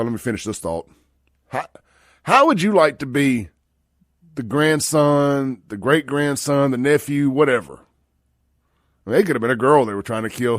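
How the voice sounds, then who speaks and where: A man hosting a talk radio show, delivering a brash, sarcastic, animated monologue into a studio microphone. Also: mid-range voice, dry recording.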